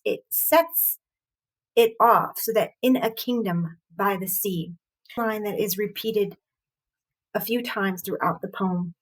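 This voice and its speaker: A woman reviewing a poem, explaining its meter in a halting, thoughtful way with frequent pauses and fillers. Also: mid-range voice, low-quality recording. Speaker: poetry reviewer. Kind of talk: explaining poetry analysis.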